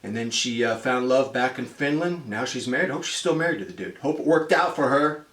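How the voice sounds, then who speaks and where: Animated and a little fast, this American man in his fifties recounts a travel tale for his vlog, voicing the characters he quotes. His medium-pitched voice is a bit bright, picked up by a distant mic in an echoey room.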